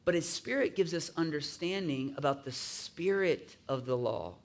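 A man's voice: on the high side, lively intonation, normal speed, vocal fry. A man preaching a sermon in a conversational way, often asking his listeners to agree and acting out grumbling voices in asides. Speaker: pastor.

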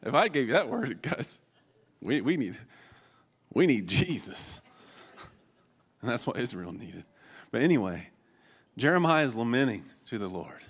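A man's voice: on the low side, lively intonation, measured pace, long pauses. A man in his forties preaching a sermon, earnest and emotional, often breaking into laughter and restarting his sentences. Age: 40s.

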